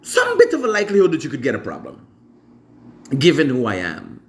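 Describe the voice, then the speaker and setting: Guyanese guy hosting, lively up-and-down voice, a bit of faint noise behind. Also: mid-range voice, a little fast. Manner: animated, mimics his mother's voice. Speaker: show host. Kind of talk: casual storytelling monologue.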